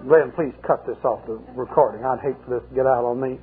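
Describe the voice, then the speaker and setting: A man's voice: medium pitch, steady tone, fast, a little hiss or hum. An older male pastor preaching a sermon with folksy, humorous storytelling. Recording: muffled 1980 sermon tape, phone-like.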